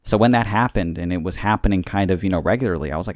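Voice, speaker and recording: A man's voice: deep voice, very fast, no room sound, studio quality. A man co-hosting a podcast, talking casually in a reflective, rambling way with lots of fillers. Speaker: podcast co-host. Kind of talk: casual chat.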